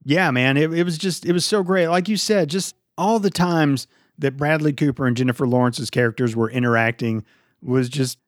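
A man's voice: a little high, normal speed, no room sound. Chill guy going over a movie, dry close mic, teases his buddy. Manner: laid-back, teasing, swears casually. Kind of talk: casual movie review chat.

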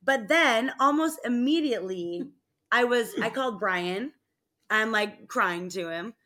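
Woman cohosting a podcast, fairly high voice, animated storyteller who laughs a lot. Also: unhurried. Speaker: podcast co-host. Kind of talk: casual chat.

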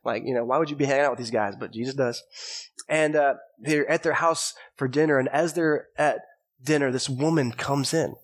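A male pastor giving a sermon, telling stories from the Bible in a relaxed, chatty way. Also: mid-range voice, a little fast. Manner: conversational storytelling preaching. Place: church.

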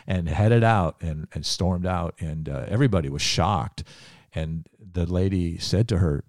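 A man's voice: low-pitched, measured pace, darkish tone, no echo, studio quality. A man from Ohio, a pastor and podcast host, telling a story in an earnest, emphatic preaching way with frequent filler words.

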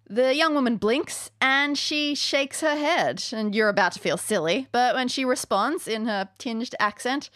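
A woman's voice: a little high, a little slow, few pauses, a bit bright, no echo, studio quality. A woman narrating an interactive adventure game as game master, playful and descriptive. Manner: playful, descriptive, laughs easily.

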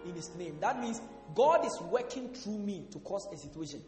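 High-pitched male preacher in echoey hall. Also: sing-song, normal speed, long pauses. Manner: preaching with call-and-response questions, sudden shouts. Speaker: pastor. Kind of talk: sermon. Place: church hall. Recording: echoey hall with faint music.

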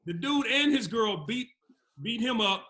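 A man with a high, bright, forceful voice co-hosts a casual talk show. He talks in an animated way and laughs often. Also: measured pace. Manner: animated, laughing, acts out quotes. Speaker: podcast co-host. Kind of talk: casual chat.

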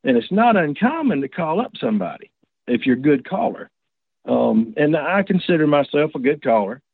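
A man's voice: on the high side, sing-song, moderate pace, creaky, husky, dry recording. Man rambling over a tinny phone. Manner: rambling, folksy, with many restarts. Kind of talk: casual first-person storytelling. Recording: tinny dry phone line.

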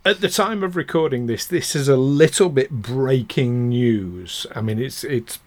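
A man's voice: medium pitch, measured pace. Friendly guy hosting a podcast, rambles, giggles at himself, mid voice. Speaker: podcast host. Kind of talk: casual chat.

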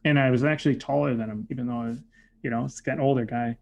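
A man's voice: medium pitch, fairly even intonation, very fast, gravelly. A man casually telling a personal story, reflective, with lots of "like" and "you know" fillers. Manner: reflective, filler-heavy with frequent "like".

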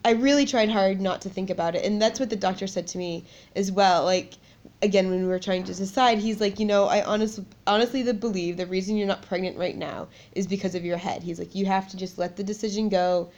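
A woman in her thirties co-hosting a podcast, telling a personal story in a lively way and laughing often. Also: mid-range voice, a little fast, dull audio. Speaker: podcast co-host. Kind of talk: casual chat.

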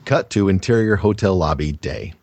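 A man's voice: deep voice, moderate pace, darkish tone. A man reading a bad script aloud to a group, stumbling over words and correcting himself. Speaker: reader in a group reading game.

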